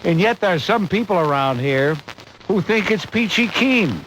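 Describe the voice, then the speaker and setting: Brusque sarcastic male radio host, lively swooping delivery, slightly high, hissy AM tape. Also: moderate pace. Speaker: radio talk show host. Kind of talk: call-in talk radio. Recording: hissy AM radio cassette recording.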